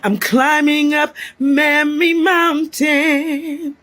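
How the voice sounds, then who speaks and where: A woman singing a slow, plaintive a cappella lament. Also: high voice, fairly even intonation, a bit bright, soft background music.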